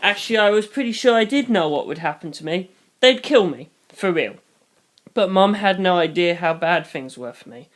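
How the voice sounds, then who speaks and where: A reader narrating a novel in first person, brisk with wry asides. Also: mid-range voice, lively intonation.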